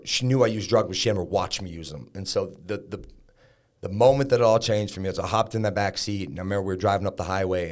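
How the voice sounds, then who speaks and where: A deep, low-pitched man speaks as a podcast guest. He tells his story candidly and casually, with plenty of likes and blunt language along the way. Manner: frank, conversational, peppered with likes and profanity. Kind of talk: candid storytelling about recovery.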